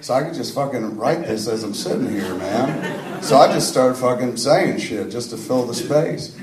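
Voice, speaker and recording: A man's voice: medium pitch, expressive, normal speed, a crowd in the background. A man, answering audience questions in a rambling, profane, self-deprecating storytelling style. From suburban New Jersey. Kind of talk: live Q&A storytelling. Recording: echoey room from a distant mic.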